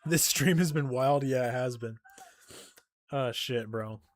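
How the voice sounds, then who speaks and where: A man's voice: mid-range voice, a little slow, dry recording. A young man live-streaming a game and chatting casually, swearing constantly, joking and laughing often, and sounding tired. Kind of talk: casual stream chat while gaming.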